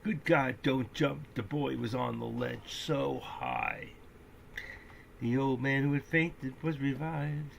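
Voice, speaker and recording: A man giving casual, rambling live-stream commentary on stock trades, joking and breaking into excitable outbursts. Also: medium pitch, measured pace, creaky, a little hiss or hum. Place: indoors at home, seated.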